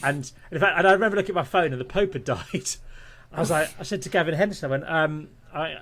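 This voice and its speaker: A man's voice: a little high, fast talker, fairly bright tone. A man, a podcast guest, telling a long casual anecdote, rambling with restarts and breaking into laughter.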